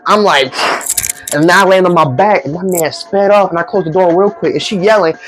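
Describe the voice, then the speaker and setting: A man telling a comic story in animated, slangy speech and acting out the people in it. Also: high voice, moderate pace. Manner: animated, slangy, acts out the voices. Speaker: vlogger.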